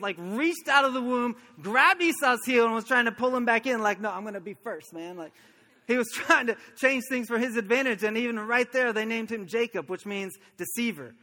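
A pastor from Oklahoma preaching a sermon, telling stories earnestly and chuckling now and then. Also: male voice, sits high, pushed and bright, long reverb tail. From Oklahoma, USA.

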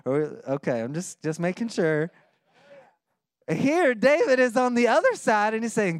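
A high, clear male voice preaching a sermon with easy, conversational warmth. He slips into hushed, earnest tones for the scripture lines. The sound is close and dry. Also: big pitch swings, a little slow, dry recording. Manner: conversational, dips quiet and intense when reading scripture; playful mock voices in asides. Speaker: pastor.

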